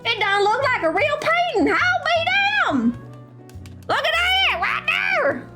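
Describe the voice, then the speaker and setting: A woman's voice: very high voice, sing-song, unhurried, over loud music, pitched above the performer's own voice, full character voice. A woman voicing a folksy, drawling painter with a put-on Southern U.S. accent, dropping words as she shows off brushes. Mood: excited.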